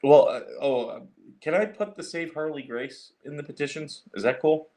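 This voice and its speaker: A man's voice: on the high side, expressive, normal speed, dark tone. A man hosting a casual livestream, rambling with many fillers and restarts as he clicks through his computer and talks to viewers. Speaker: livestream host.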